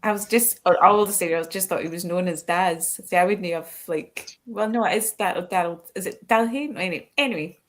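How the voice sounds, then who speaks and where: Scottish woman, podcast guest, chatty, laughs easily, slightly low voice. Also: brisk, hardly any pauses. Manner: chatty, restarts often, laughs readily. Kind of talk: casual chat.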